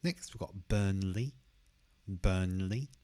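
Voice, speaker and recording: A man teaching English pronunciation, who says each word slowly and carefully and repeats it twice. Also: low voice, darkish tone, clear, resonant tone. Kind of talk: pronunciation lesson.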